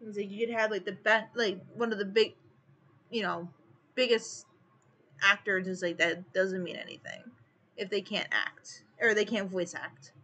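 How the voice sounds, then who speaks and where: A woman's voice: mid-range voice, steady tone, moderate pace, bright, forceful tone. A woman artist chatting casually while streaming her drawing, rambling and opinionated, full of "like" and "you know". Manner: rambling and opinionated, heavy use of "like". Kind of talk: casual livestream chat.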